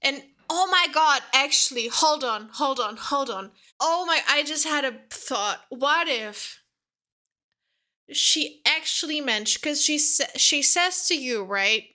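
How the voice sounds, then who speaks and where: A woman co-hosting a casual podcast, excitedly telling stories about playing a game and laughing often. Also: sits high, takes it slowly. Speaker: podcast co-host.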